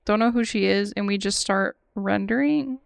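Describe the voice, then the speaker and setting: A young woman chats on her art stream while she draws, thinking out loud with fillers and small giggles. Her voice is smooth and clear at a middling pitch. The sound is dry and close. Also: normal speed, no room sound. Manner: chatty, giggly, thinks aloud with many fillers. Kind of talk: casual chat while drawing on stream.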